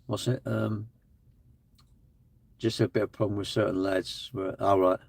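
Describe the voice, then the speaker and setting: A man's voice: on the low side, flat delivery, measured pace, gravelly. A man hosting a live stream, chatting bluntly and casually with his viewers. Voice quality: blunt, chatty, slangy delivery.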